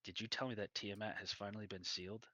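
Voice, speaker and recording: A man's voice: fairly low pitch, little pitch movement, quick pace, sharp tone, dry recording. A man voicing a zealous male knight who is eager to hunt down dragons, speaking in a fervent, pushy way. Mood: stunned.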